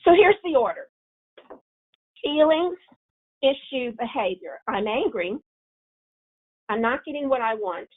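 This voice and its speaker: A woman presents a parenting webinar over a video call, coaching listeners and acting out angry self-talk as examples. Her voice is high-pitched and sing-song, unhurried, with frequent pauses. The audio is tinny, like a phone line.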